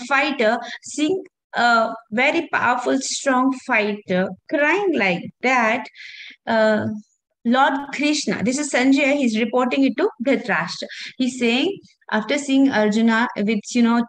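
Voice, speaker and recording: A woman teaching a children's class and retelling a scripture story. She talks in a halting way with many fillers and often stops to ask the class questions. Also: high-pitched.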